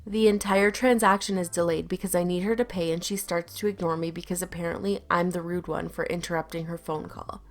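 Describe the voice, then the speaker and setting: A woman's voice: fairly low pitch, fairly even intonation, brisk, few pauses. A young adult woman reading an online story aloud with a wry, storytelling delivery. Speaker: story narrator.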